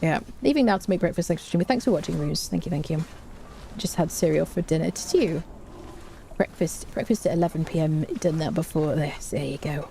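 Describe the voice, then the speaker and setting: A woman chats her way through a live game stream in a fairly low, warm and mellow voice. She reads out viewer messages and hums to herself while crafting, over a faint background hiss. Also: lively intonation, normal speed. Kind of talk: casual live-stream gameplay chat.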